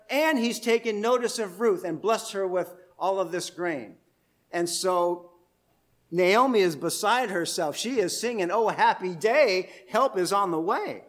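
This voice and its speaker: A man's voice: high-pitched, a bit bright. A male pastor preaching an expository sermon, explaining step by step in a conversational way and putting questions to his listeners.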